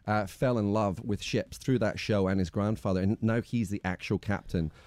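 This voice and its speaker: A man's voice: lowish voice, moderate pace, no echo. A man guesting on a radio show, chatting casually and telling cheeky, jokey stories in a studio. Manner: cheeky, jokey, animated anecdotes. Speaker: TV host, guest. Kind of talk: casual radio chat, storytelling.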